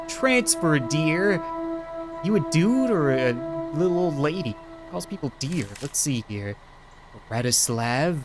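Excitable man doing game commentary. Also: fairly high pitch, slow pace, over loud music. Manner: joking, excitable, talks to game characters. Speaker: gaming YouTuber. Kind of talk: let's play commentary.

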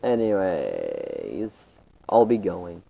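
A man's voice: low-pitched, wildly swooping pitch, extremely slow, vocal fry, dark tone, rough recording. A man giving casual, rambling commentary over his gameplay, often stopping and restarting his sentences. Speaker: gaming channel host.

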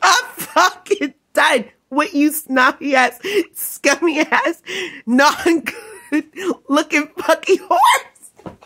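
Woman vlogger, higher voice, slow unhurried delivery, tired, cursing rant. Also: very animated, pushed and bright. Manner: cursing, scornful, laughing between jabs. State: tired, up all night. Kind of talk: profane ranting monologue.

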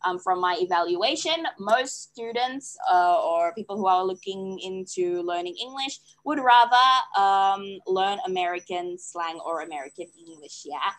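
A woman's voice: medium pitch, unhurried, rough recording. A woman from Australia, giving a casual lecture over a video call in a chatty, teacherly way and checking in with her listeners. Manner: switches languages mid-sentence. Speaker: teacher presenting at a webinar.

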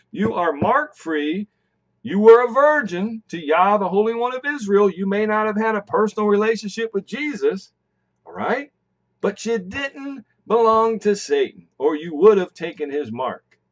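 A man giving a recorded Bible lesson, emphatic and animated, often checking in with "all right". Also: fairly high pitch. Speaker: Bible teacher.

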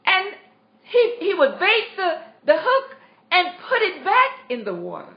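A woman giving an inspirational talk, slow and emphatic, repeating her exhortations in a high, lively voice. The sound is roomy and dull, recorded on a tablet for a livestream. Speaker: inspirational speaker.

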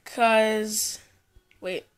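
A woman giving casual, excitable gameplay commentary, giggling often as she talks. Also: fairly high pitch, extremely slow, clean tone. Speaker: gaming YouTuber.

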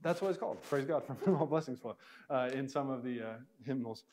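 A man teaching a classroom lesson, slowly sounding out words syllable by syllable and putting questions to his students. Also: mid-range voice, darkish tone.

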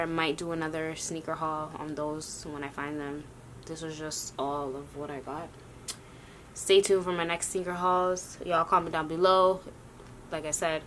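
A woman's voice: low-pitched, fairly even intonation, normal speed, a bit bright, a little hiss or hum. Breathless chatty young woman vlogging. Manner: chatty, addresses viewers as y'all, rambling asides. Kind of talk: casual sneaker haul vlog.

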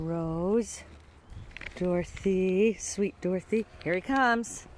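A woman's voice: medium pitch, unhurried, slight background noise. A woman chatting casually on an outdoor farm tour, talking fondly to her animals in baby talk. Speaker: farm vlogger.

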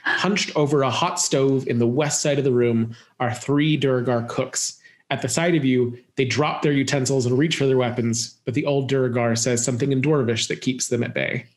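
A man narrating a tabletop game as game master in a descriptive, unhurried way. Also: medium pitch, steady tone.

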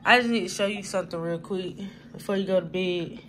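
Woman, vlogger, slow soft chatty delivery, echoey room, distant from the mic, background noise. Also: fairly low pitch. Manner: slow, soft, chatty, addresses viewers directly. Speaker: vlogger, expectant mother. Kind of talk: casual family vlog. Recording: echoey room heard from afar, noisy.

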